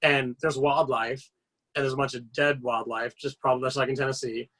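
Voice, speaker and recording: Man rambling through animated anecdotes. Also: mid-range voice, a little fast. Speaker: podcast guest. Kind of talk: casual storytelling chat.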